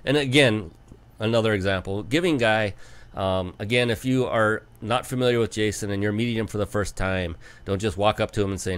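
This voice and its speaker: A man hosting a business talk show, chatting enthusiastically and spelling out details slowly. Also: lowish voice, clean tone. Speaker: show host. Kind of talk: casual interview talk.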